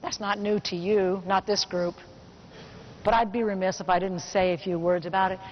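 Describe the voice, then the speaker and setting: A middle-aged woman giving a motivational keynote speech to a business audience, telling a personal story and slowing down to stress key points. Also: medium pitch, steady tone. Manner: personal storytelling, slows down for emphasis. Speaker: motivational speaker. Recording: muffled recording with faint hiss.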